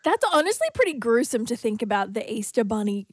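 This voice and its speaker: Woman, radio co-host, quick giggly reactions, studio mic, dry. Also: on the high side, very animated, no room sound. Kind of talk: breakfast radio banter. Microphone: studio microphone.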